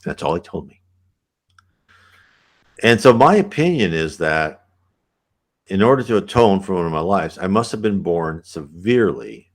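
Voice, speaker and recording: A man's voice: sits low, big pitch swings, normal speed, long pauses. An American man hosting a channel, answering viewer questions in a rambling, conversational way and often asking "right?". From United States. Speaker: channel host.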